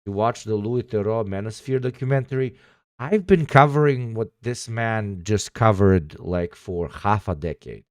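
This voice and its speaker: A man's voice: on the low side, moderate pace, smooth, no echo, clean studio sound. A man livestreaming, chatting casually with his viewers in a profane, sarcastic way.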